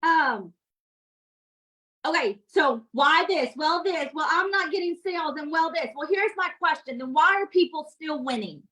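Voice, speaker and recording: Woman, high voice, sales coach, blunt, scolding, motivational, direct. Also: animated, moderate pace, bright, forceful tone, low-quality recording. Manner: chatty and direct with listeners. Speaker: sales team leader.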